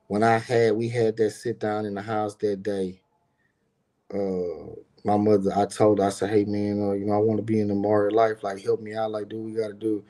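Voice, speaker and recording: A man's voice: fairly low pitch, mellow. A middle-aged man casually telling a personal story as a podcast host, loose and conversational, with lots of "you know what I'm saying".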